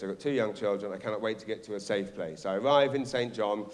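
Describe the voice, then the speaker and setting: On a theatre stage in front of a live audience, a man performs stand-up comedy into a stage microphone. His voice is lowish and steady, and he talks fast while animatedly telling stories, acting out characters, and swearing.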